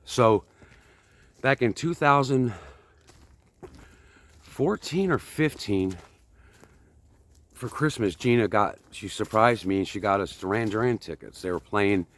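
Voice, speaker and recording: A man in his fifties talks as he hikes outdoors, wandering from one thought to the next in a chatty, self-deprecating way. His voice sits a little low, and he sounds slightly out of breath from walking. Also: slow, long pauses, a bit bright. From United States. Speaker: vlogger. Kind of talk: casual chat while walking. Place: outdoors on a hike.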